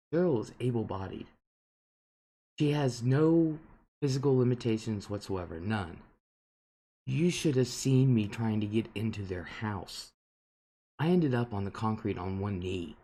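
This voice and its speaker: This man's voice is fairly low with a dark tone. He's hosting a laid-back live stream, answering viewers' comments as he rambles indignantly, filling his talk with frequent fillers.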